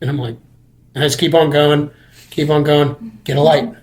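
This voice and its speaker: A man's voice: on the high side, steady tone, normal speed, darkish tone, reverberant. A man hosting a casual chat about comedy, rambling and often restarting his sentences. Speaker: comedian and podcast host.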